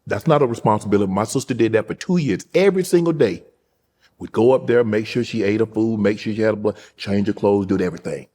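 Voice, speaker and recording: Husky-voiced man telling a family story. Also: fairly low pitch, quick pace. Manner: soft, storytelling, drops quiet when emotional. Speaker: host. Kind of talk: casual interview chat.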